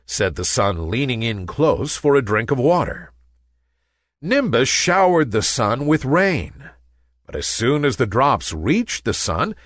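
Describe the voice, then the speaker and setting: Slow, sing-song male storyteller. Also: mid-range voice, no echo, clean studio sound. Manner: expressive, sing-song reading. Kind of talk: children's story reading.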